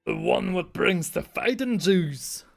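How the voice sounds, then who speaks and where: A man voicing a gruff, brawling male orc warrior in a growling, drawn-out slang delivery. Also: high-pitched, lively intonation, faint music behind, voice pushed up, full character voice. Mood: gleeful, rowdy.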